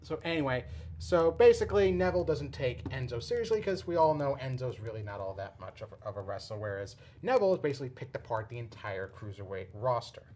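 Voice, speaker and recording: A man hosting a casual podcast, explaining a storyline in a rambling, excitable way with frequent restarts. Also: mid-range voice, quick pace. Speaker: podcast host. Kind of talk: casual wrestling chat.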